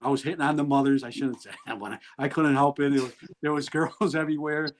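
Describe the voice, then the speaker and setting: A man's voice: medium pitch, steady tone, quick pace, low-quality recording. A middle-aged man, a guest on a video-call interview, telling rambling, blunt stories and laughing through them. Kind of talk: candid storytelling in an interview.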